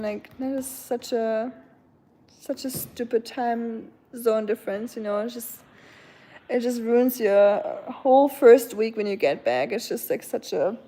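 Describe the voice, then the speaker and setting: Woman, casual live-stream chat, slightly high voice, rambling with fillers. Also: dark tone. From Germany. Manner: rambling, many filler likes.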